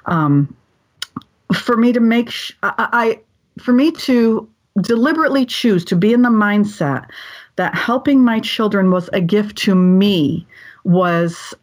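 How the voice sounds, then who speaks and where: A middle-aged woman chats on a podcast in an earnest, reflective way. She picks her words with care and speaks at an ordinary pitch for a woman. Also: a little slow, a little mellow. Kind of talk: casual podcast conversation.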